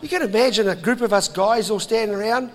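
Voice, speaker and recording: A man preaching to a crowd, animated and jokey, slipping into voices. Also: high voice, quick pace, long reverb tail. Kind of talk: impassioned sermon to a crowd.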